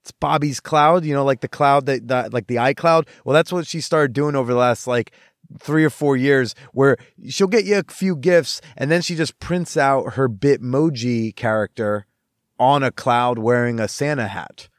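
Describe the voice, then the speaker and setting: A young man hosting a podcast, telling stories in a casual, animated way, with lots of swearing and quick asides. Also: medium pitch, dry recording, studio quality. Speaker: podcast host. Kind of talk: casual storytelling monologue.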